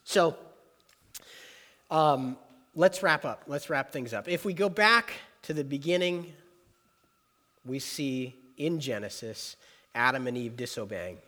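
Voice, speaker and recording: A man's voice: medium pitch, takes it slowly, long pauses. Man preaching in an echoing hall. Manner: animated preaching that drops to soft earnest prayer. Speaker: pastor. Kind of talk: sermon.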